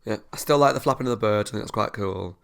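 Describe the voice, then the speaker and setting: A man's voice: on the low side, quick pace, vocal fry, fairly bright tone, smooth. A young man, hosting a reaction video in earnest, rambling casual chat and laughing often.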